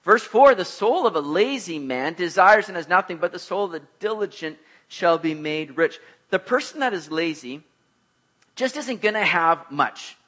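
A middle-aged man preaching a sermon, telling lively personal stories and acting out the voices of the people in them. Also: high voice, moderate pace. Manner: animated storyteller, acts out voices, laughs at himself. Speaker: pastor.

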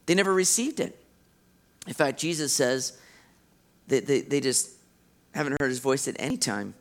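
A man preaching a sermon, teaching from Scripture and acting out the people he quotes. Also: moderate pace. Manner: animated, acts out quoted voices with big pitch swings. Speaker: pastor.

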